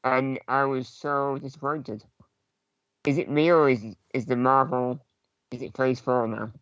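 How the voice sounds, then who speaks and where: A man's voice: medium pitch, level tone, measured pace, fairly bright tone, no echo. A man co-hosting a casual podcast, dry-humoured and rambling with plenty of ums. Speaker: podcast co-host. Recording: dry, dull home mic.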